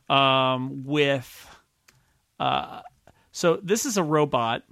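A man's voice: on the high side, gravelly, sharp tone, no echo. A man co-hosting a podcast, wry and dry, chatting casually with a few fillers. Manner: dry, wry, checks facts aloud. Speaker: podcast co-host. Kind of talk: casual chat.

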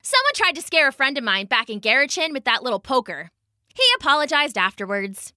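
A quick-talking young sorceress from a fantasy storybook, wry and brisk, as a woman reading aloud puts her on. Her voice sits a little high and comes across bright and sharp, close and dry. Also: very animated, no room sound, heavily acted.

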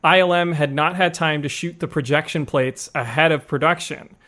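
Male podcast host, higher voice, chatty anecdotal delivery. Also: normal speed, pushed and bright. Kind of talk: casual storytelling chat.

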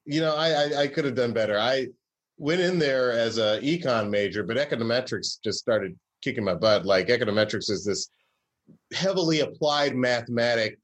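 A man from Georgia talks in a loose, rambling way, full of fillers, restarts and asides. He speaks at an ordinary, middle pitch, as a comedy writer being interviewed. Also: expressive, moderate pace. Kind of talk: casual storytelling interview.

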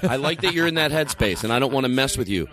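A man's voice: medium pitch, quick pace. A man hosting a loose comedic chat, swearing often and laughing through his bits. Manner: swearing, animated, breaks into laughs.

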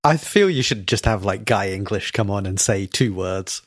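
A man's voice: lowish voice, lively intonation, moderate pace, no room sound. A Scottish man co-hosting a podcast, chatting casually with a dry, wry teasing delivery. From Scotland. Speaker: podcast co-host. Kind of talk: casual chat.

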